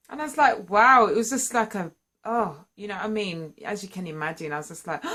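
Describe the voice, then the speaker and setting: A woman telling her own story to camera, candid and earnest, and lively when excited. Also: mid-range voice, normal speed. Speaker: singer sharing a personal story. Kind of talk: candid personal vlog storytelling.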